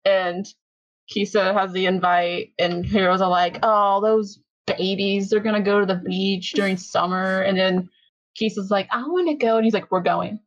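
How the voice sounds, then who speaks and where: A woman on a podcast, casually recapping episodes and acting out the characters' lines in an animated way. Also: mid-range voice, moderate pace, no room sound, muffled recording. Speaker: podcast co-host.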